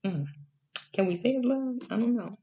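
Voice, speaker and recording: A woman teaching a Bible lesson in a casual spoken sermon, slow and repetitive, often checking in with "okay?" and drawing out key words. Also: fairly high pitch, mellow, slightly rough.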